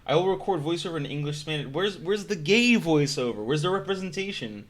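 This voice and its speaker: A man's voice: a little high, lively intonation, a little fast. A man streaming casual reaction commentary, joking and swearing often.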